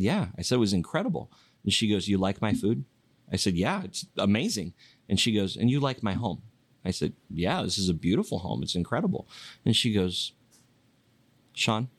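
A man with a fairly low voice tells stories as a pastor guest on a casual podcast. He is animated and laughs easily. He is from Yakima. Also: brisk, breathy edge, no room sound. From Yakima, Washington. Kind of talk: casual storytelling in a podcast interview.

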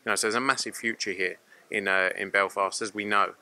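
A man from Romford, a boxing promoter telling rambling, animated stories in a casual interview. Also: fairly low pitch, quick pace. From Romford, England.

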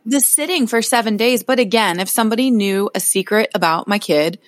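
A woman's voice: medium pitch, brisk, no room sound, clean studio sound. A woman co-hosting a podcast for moms, asking questions in a conversational way and adding playful asides. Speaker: podcast co-host, mother. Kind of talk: casual chat.

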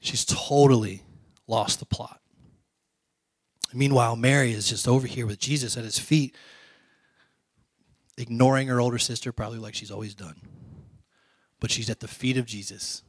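A male pastor giving a conversational sermon, asking the congregation questions and dropping to soft, quiet lines. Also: mid-range voice, fairly even intonation, normal speed, pauses often, breathy edge, dry recording.

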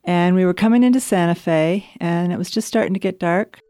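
A woman telling a casual spoken anecdote in a measured, reflective way. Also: fairly low pitch, warm tone. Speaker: guest storyteller. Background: music.

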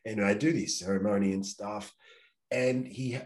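Podcast guest: Australian man, low voice, easygoing profane storyteller. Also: moderate pace, a little mellow. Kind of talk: casual storytelling.

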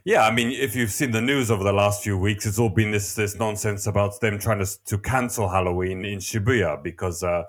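A man co-hosting a podcast, talking in a relaxed, casual way. His voice sits a little low, and his humor comes out dry and wry. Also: brisk, hardly any pauses. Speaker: podcast co-host.

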